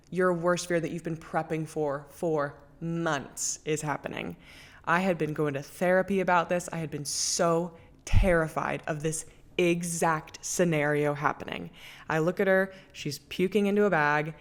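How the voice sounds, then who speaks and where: Podcast host, young adult woman, low voice, chatty and candid, confessional storytelling. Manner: candid, chatty, swears freely, drops to near-whisper when tense. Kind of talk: casual storytelling.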